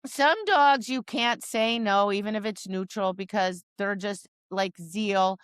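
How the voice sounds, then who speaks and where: A woman's voice: mid-range voice, measured pace, a bit bright, clear, resonant tone, no room sound. A woman dog trainer co-hosting a podcast, talking casually and animatedly, acting out her dog's replies and scolding owners with exasperation. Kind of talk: casual chat.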